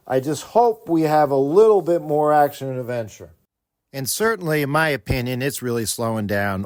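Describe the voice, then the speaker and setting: A middle-aged man hosting a book discussion podcast, speaking in an animated and opinionated way. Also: on the high side. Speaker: podcast host.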